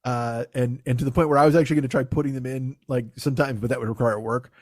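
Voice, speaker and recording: A man's voice: medium pitch, steady tone, quick pace, dry recording, clean studio sound. Profane self-mocking male podcast host. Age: middle-aged. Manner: profane, self-mocking, acts out voices in quotes. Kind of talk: casual comedy podcast banter.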